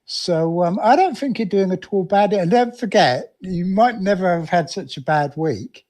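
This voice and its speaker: A middle-aged man co-hosting a podcast stream, speaking in a calm, reassuring way with plenty of ums. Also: high-pitched, normal speed. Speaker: podcast co-host. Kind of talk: casual chat on a live stream.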